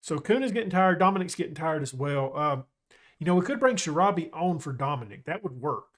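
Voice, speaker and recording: Guy chatting through a football sim, kinda high voice, gets excited and cracks jokes. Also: brisk. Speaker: gaming YouTuber. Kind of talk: casual game commentary.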